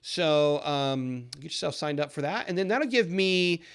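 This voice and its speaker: An upbeat man with a slightly high voice, hosting a trading channel. He talks viewers through a recorded lesson in a persuasive, salesy way. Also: expressive, measured pace, clear, resonant tone. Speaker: trading educator and channel host. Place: lives in a southern US city.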